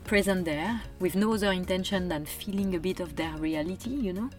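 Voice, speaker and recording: A woman's voice: on the low side, brisk, over music. A woman, earnestly making her case in a casual conversation. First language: French. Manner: earnest, emphatic, persuasive.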